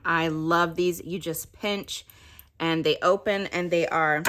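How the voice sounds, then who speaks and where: A woman's voice: lowish voice, sharp tone, a little hiss or hum. Chatty woman demonstrating crafts. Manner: chatty, explaining step by step while working. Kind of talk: casual craft tutorial.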